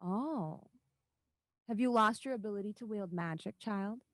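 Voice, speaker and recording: A woman voicing a tall, mysterious woman who speaks softly and persuasively in a tabletop game. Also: medium pitch, a little slow, no echo, clean studio sound, close to an everyday voice. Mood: coaxing. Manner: soft, gentle, persuasive.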